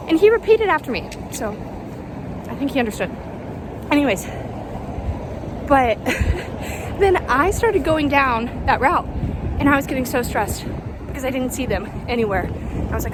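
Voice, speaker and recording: Young woman vlogging on a walk, chatty and rambly, kinda high voice, waves and wind loud behind her. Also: lively intonation, normal speed, long pauses. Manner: chatty and rambling, lots of fillers and asides. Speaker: travel vlogger. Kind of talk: casual vlog chat. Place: outdoors by a rocky shore with crashing waves. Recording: outdoor recording with clear wave and wind noise.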